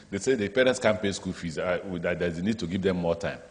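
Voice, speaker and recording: A man's voice: low voice, a little fast. Nigerian man giving a speech at a summit, acts out the back-and-forth in his stories, big echoey hall. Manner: lively storyteller, acts out dialogue in speech, draws audience laughter. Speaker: state governor addressing an education summit. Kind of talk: speech with anecdotes. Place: large conference hall. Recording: reverberant hall.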